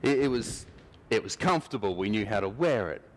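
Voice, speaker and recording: A man's voice: lowish voice, expressive, fairly quick. A man preaching a sermon in church, talking conversationally and acting out little scenes.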